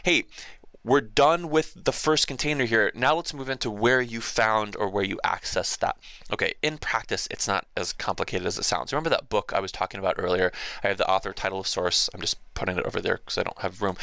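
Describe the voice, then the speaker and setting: A man teaching a casual, chatty lesson, quick and animated with playful asides. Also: fairly low pitch, creaky, no echo. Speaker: writing teacher.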